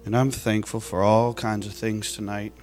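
A man's voice: lowish voice, level tone, normal speed, darkish tone, faint music behind. A man giving an emotional church testimony, heartfelt and at times tearful, laughing at his own past.

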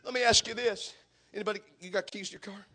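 High-voiced fervent preacher man. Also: fairly even intonation, fast talker. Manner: fervent, building to shouting, chanting cadence. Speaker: pastor. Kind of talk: impassioned sermon.

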